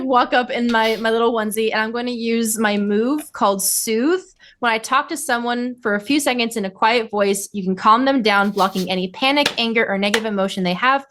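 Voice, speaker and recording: A woman playing a tabletop game, bubbly and quick to laugh. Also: fairly high pitch, a bit bright. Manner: giggly, bubbly. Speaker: player.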